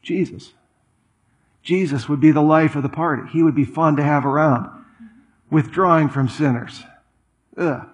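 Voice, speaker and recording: A man's voice: fairly high pitch, fairly even intonation. Man preaching in a conversational way. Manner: conversational preaching with asides and quick repetitions. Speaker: pastor. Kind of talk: sermon.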